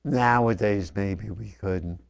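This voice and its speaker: An older man telling personal memories straight to his father, reflective, often letting his voice sink soft and low. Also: vocal fry, smooth. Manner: slow, reflective, often dropping softly. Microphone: wired microphone.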